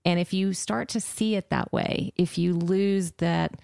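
A woman's voice: lowish voice, fairly even intonation, a little slow, creaky, a little mellow, clear, resonant tone, no room sound, clean studio sound. A woman hosting a podcast, leading a casual interview and speaking with enthusiasm and admiration for her guest. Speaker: podcast host.

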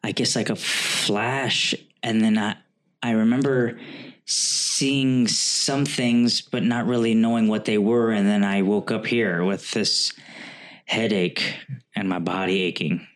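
A man's voice: lowish voice, steady tone, slow pace, a bit bright. A man playing a rambling male forest stranger who loves mushrooms and stammers over his words. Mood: dazed. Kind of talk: tabletop role-play.

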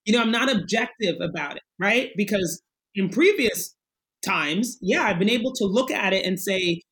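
A woman in her forties, a guest in a conversational interview, talking in an animated, emphatic way and acting out little voices as she goes. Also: medium pitch, moderate pace, breathy edge, poor audio.

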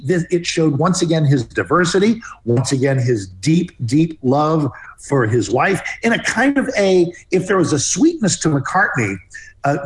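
A man in a casual podcast conversation, speaking passionately and rambling a bit as he searches for words. His voice sits at an ordinary middle pitch. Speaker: podcast guest or co-host. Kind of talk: casual music discussion.

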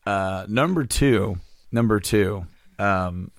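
A man co-hosting a casual podcast, telling a rambling, self-deprecating story with a slightly hoarse voice. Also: lowish voice, takes it slowly, slight background noise. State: losing his voice. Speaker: podcast co-host. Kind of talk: casual chat.

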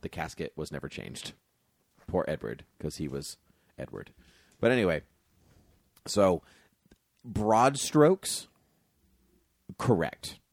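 A man hosting a casual chat, reading aloud from a history book with jokey, animated asides. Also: deep voice, slow pace, creaky, pauses often, no room sound, studio quality. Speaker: podcast host.

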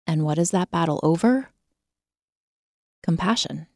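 A woman hosting a podcast, talking straight to listeners in an expressive, emphatic conversational monologue. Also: lowish voice, unhurried, dry recording, clean studio sound. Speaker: podcast host.

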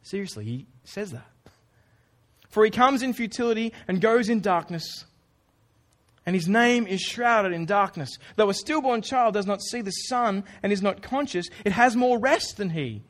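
A man's voice: sits high, animated, moderate pace, a bit bright. A man preaching a sermon in a casual, earnest way, with informal asides to the congregation. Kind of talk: conversational sermon.

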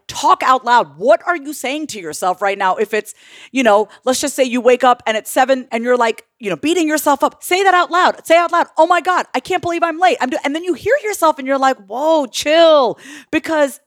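A middle-aged woman coach talking on a podcast in an animated, blunt way, with casual swearing. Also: sits high, brisk, dry recording, clean studio sound. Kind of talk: podcast conversation.

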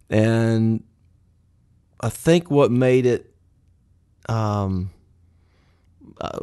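Low-voiced older man, rambling and heartfelt. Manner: warm, rambling, heartfelt with many fillers. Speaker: interview guest, singer. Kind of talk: casual interview.

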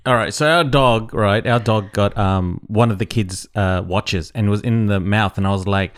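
A man hosting a podcast in casual chat, telling a story with lively mimicry. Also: on the high side, normal speed, few pauses. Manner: animated storyteller, mimics loud repeated cries. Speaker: podcast host.

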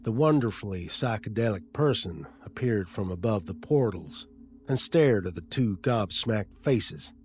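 A man's voice: fairly low pitch, lively intonation, a little slow, darkish tone, soft background music. A man narrating a comic audiobook in a wry storytelling manner.

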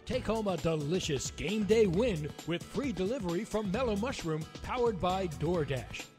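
A man's voice: high voice, lively intonation, normal speed, over music. A man reading a scripted food delivery commercial. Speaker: ad announcer.

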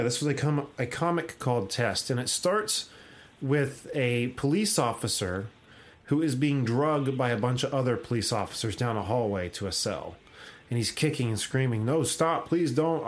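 Young adult man, podcast host, casual rambling recap, mid-pitched. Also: normal speed. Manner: rambling, laughs often, acts out quoted lines. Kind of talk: casual chat, retelling a comic.

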